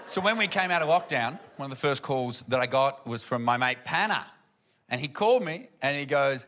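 A man doing stand-up, telling animated family stories and acting out the people in them. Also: mid-range voice, normal speed. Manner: animated, acts out family members in loud voices. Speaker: stand-up comedian. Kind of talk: stand-up storytelling. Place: comedy venue with audience.

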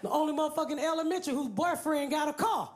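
A woman's voice: sits high, quick pace, noisy background. A woman stand-up comedian telling a story on stage in a brash, profane way, talking straight to the crowd. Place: comedy stage before an audience.

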